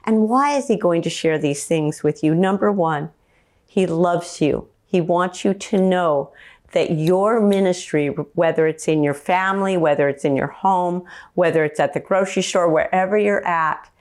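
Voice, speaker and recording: A woman preaching a slow, earnest teaching sermon and quoting scripture. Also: on the low side, a little mellow.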